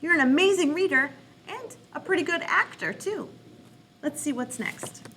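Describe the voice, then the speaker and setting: A woman's voice: high-pitched, a little hiss or hum. A woman children's librarian with an American accent, cheerfully encouraging children in a reading lesson. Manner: encouraging, cheerful, slow and expressive.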